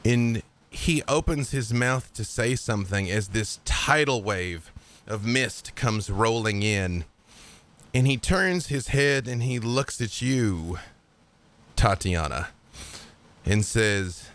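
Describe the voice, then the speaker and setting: A man's voice: on the low side, animated, slow pace, a bit bright. A man narrating a tabletop game as game master in a laid-back way, with fillers.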